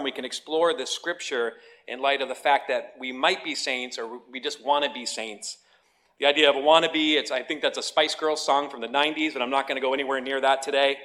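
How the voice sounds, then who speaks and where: A man's voice: mid-range voice, fairly bright tone. A man, a pastor giving a sermon, reading scripture and telling jokes in a conversational way. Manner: conversational, joking asides.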